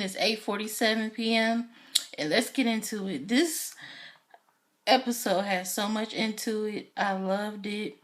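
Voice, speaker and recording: A woman's voice: medium pitch, fairly bright tone. A woman casually recapping a TV episode for her channel, chatty and enthusiastic, with lots of fillers. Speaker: YouTube TV recap reviewer.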